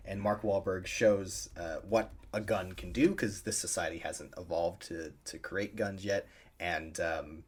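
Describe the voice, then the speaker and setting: Male podcast co-host, deep voice, easygoing plot recap. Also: fairly even intonation, a little slow, slightly rough. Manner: retells scenes with loose, offhand voiced quotes. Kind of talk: casual movie recap chat.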